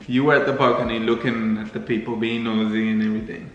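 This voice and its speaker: A man's voice: mid-range voice, highs cut off. A young man with a foreign accent telling a story with his partner in a playful, teasing way. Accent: non-native English. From Angola. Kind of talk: casual storytime chat. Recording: very echoey room, faint music.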